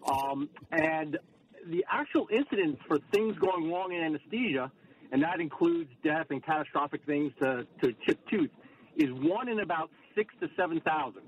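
Man, radio caller, slightly high voice, earnest, muffled phone line, faint hiss. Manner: measured, earnest, a bit hesitant. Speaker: caller, anesthesiologist. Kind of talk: phone-in call to a radio show.

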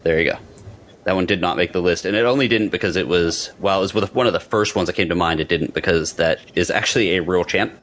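Low-voiced man in casual podcast chat. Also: fast talker, fairly bright tone. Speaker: podcast co-host.

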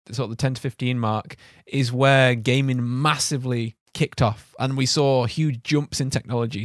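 A man's voice: mid-range voice, no room sound, studio quality. A man hosting a casual podcast chat, joking and steering the conversation back on track. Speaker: podcast host.

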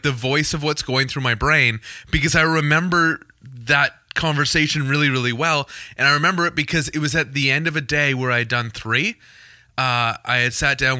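A man from Canada co-hosting a casual podcast, joking quickly and laughing often. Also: mid-range voice, pushed and bright, no room sound, studio quality. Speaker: podcast co-host.

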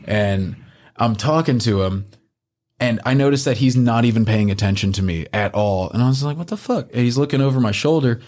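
A man telling a story on a casual podcast, animated and swearing often, with a jump into a high voice when he acts out what was said. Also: brisk.

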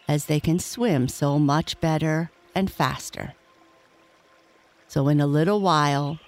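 Slow, gentle bedtime storyteller. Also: mid-range voice.

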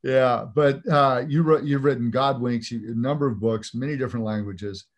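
A man hosting an interview, asking questions in a halting, enthusiastic way with many restarts. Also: mid-range voice. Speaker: host.

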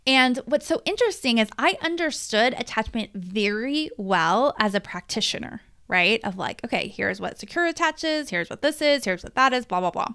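A woman in her thirties speaking as a podcast host and coach, talking openly and emotionally about her own life. Her voice sits a little high and sounds smooth and clear, and she tells the story with lively, confessional energy. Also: moderate pace, hardly any pauses. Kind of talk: candid personal monologue.

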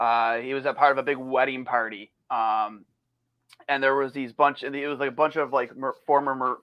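A man's voice: medium pitch, dry recording, muffled recording. Rambling, laughing male podcast guest. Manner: rambling, laughing storyteller with many restarts and swearing. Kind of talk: casual chat.

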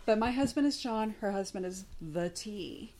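A woman's voice: medium pitch, animated, normal speed, dark tone. A woman in her forties co-hosting a podcast, chatting casually, giggling and swearing freely. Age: 40s. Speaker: podcast co-host. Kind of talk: casual chat.

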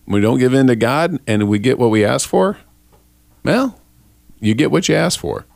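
A man hosting a casual faith podcast, talking in a relaxed, rambling, self-deprecating way. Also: mid-range voice, moderate pace, gravelly, no echo. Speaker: podcast host.

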